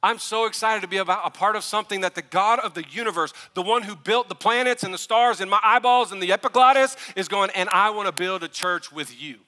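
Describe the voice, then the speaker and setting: Male pastor, lively sermon delivery with folksy asides, bright and slightly high voice, long reverb of a church hall. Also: fast, few pauses. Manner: animated, building to fired-up preaching with asides. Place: church sanctuary.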